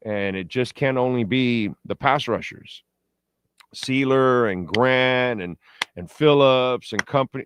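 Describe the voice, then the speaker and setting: A man's voice: mid-range voice, slow, clean tone, no room sound. A man hosts a casual pregame sports show with a mid-range voice, talking in loose, opinionated, rambling fan banter. He chats straight to his listeners and reads their messages aloud. The sound is dry and close, with no room around it. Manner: reads the chat board and talks to listeners. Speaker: sports radio show host.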